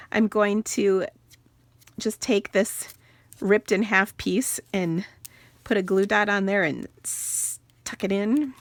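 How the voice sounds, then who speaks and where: A woman in her forties talks through a craft tutorial in a relaxed, chatty way, drifting into stories and laughing at herself. Her voice has a gravelly, fry-edged texture. It sits close and dry, with no room sound around it. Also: mid-range voice, no room sound. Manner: chatty, rambling storyteller with laughing asides. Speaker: card-making channel host.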